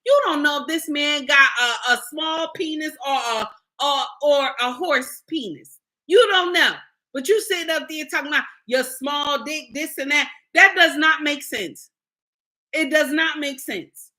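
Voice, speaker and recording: In an unhurried livestream commentary rant, a middle-aged woman lectures her viewers with blunt, preachy scolding. This content creator's voice is high, bright, and forceful.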